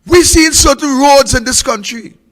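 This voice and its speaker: A man with a Trinidadian accent hosting a political talk show, preaching impassioned commentary with repeated rhetorical questions, swinging from loud to hushed. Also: extremely high pitch, moderate pace, big-room sound.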